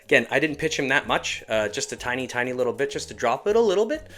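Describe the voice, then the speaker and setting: A man's voice: mid-range voice, very animated, quick pace, fairly bright tone. Casual man walking through a tutorial. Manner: casual, rambling, self-deprecating. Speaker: animator and creator. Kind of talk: tutorial walkthrough.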